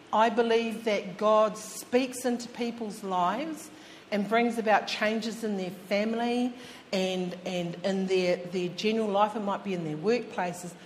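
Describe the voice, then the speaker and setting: A woman preaching a sermon in a chatty storytelling way, speaking straight to her listeners. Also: mid-range voice. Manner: chatty, addresses listeners directly. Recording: long hall reverb, faint background hum.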